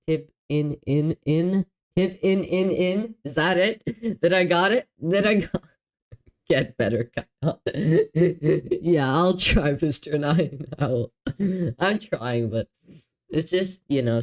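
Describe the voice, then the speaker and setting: A man hosting a live stream in casual chat, excitable and apologetic, often stumbling over his words and laughing. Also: on the high side, low-quality recording. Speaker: livestream host.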